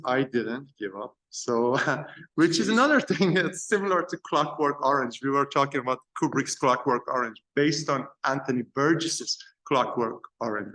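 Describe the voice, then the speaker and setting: A man giving an informal lecture on film to a university class. He speaks at an ordinary middle pitch, pausing often and searching for words between his points. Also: fairly bright tone.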